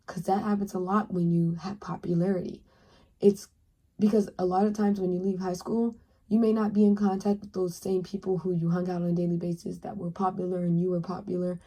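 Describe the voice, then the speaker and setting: A woman in her twenties gives a casual pick-a-card tarot reading with easy, chatty advice. Her soft, breathy voice is very mellow and dark, delivered flatly and a little fast. She often acts out small dialogues in a higher voice.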